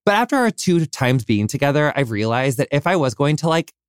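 A man's voice: fairly high pitch, very animated, fairly quick, clean tone, no room sound, studio quality. An American man hosting a podcast interview, gushing and effusive, full of fillers and casual swearing. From United States. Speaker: podcast host.

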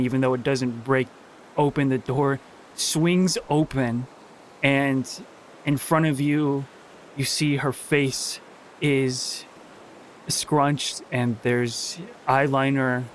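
Guy running a tabletop game, slow dramatic pauses, mid pitch. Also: a little hiss or hum. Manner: slow, dramatic, pausing narration. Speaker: game master.

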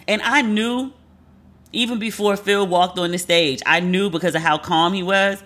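Woman, 40s, solo podcast host, animated and chatty, acts out quotes. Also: mid-range voice, moderate pace. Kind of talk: casual solo commentary.

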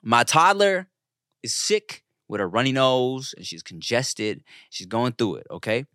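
Animated, bright-voiced man telling stories. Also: mid-range voice, measured pace, dry recording, clean studio sound. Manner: laid-back storytelling with slang and swearing. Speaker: podcast co-host. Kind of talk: casual podcast chat.

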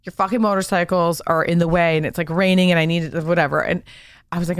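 A woman in her thirties hosting a podcast, chatting casually and telling animated stories with casual swearing and frequent laughter. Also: fairly low pitch, fast, clean tone, dry recording. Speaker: podcast host. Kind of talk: casual chat.

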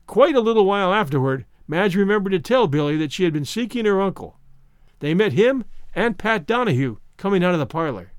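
A man hosting a podcast and narrating classic short stories in an expressive, animated reading. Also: high-pitched, fairly quick, no room sound, clean studio sound. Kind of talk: audiobook narration.

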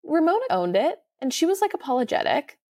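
A young woman co-hosting a podcast in casual chat, animated and playfully dramatic. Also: sits high, quick pace, dry recording, clean studio sound. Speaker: podcast co-host.

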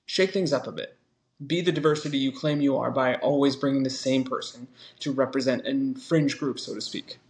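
A man co-hosts a casual podcast, talking things through in long, reflective sentences. His voice sits in a middle pitch and his delivery is earnest rather than showy. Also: fairly even intonation, moderate pace. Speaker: podcast co-host.

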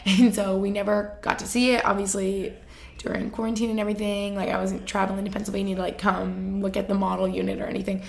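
A woman's voice: mid-range voice, vocal fry. A young woman telling casual stories to her listeners, chatty and full of fillers, often laughing. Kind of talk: casual storytelling chat.

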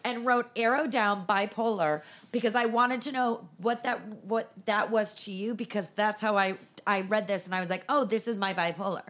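A woman's voice: medium pitch, a bit bright. Earnest young woman hosting a chat. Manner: enthusiastic, earnest, quick bursts. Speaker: podcast host. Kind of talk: casual chat.

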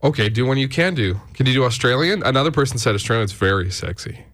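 A man's voice: medium pitch, fast talker. A man hosting a morning radio show, chatting casually and joking with a co-host and callers. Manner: jokey, animated, puts on silly accents.

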